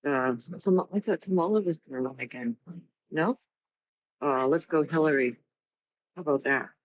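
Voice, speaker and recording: A woman's voice: low-pitched, normal speed. A woman in a casual political chat, talking in an upbeat, sarcastic way. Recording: dull dry lo-fi line.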